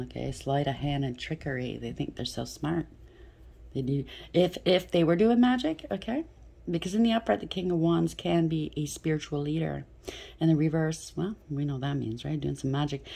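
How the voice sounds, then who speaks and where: Low-voiced blunt woman reading tarot. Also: vocal fry, dark tone, breathy edge. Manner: blunt, chatty, swears freely, keeps asking okay. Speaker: tarot reader.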